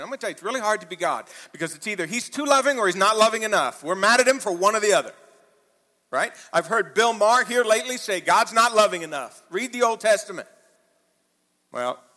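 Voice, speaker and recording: A man preaching a sermon to a church, talking conversationally, dropping to quiet asides and rising to loud emphatic peaks. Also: high-pitched, big-room sound. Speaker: pastor. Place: church auditorium.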